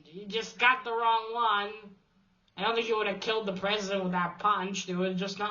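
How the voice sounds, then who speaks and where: A woman recaps a comic book story in loose, casual talk, cursing freely and tossing off quick character voices. Her pitch sits at an ordinary middle for a woman. The recording sounds dull and lo-fi. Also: flat delivery, sharp tone. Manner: chatty, swears often, reads quotes in quick put-on voices.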